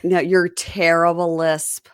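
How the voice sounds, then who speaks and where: A woman's voice: lowish voice, flat delivery, takes it slowly, smooth, no room sound, studio quality. A middle-aged woman hosting a podcast in casual chat, laughing often. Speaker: podcast host.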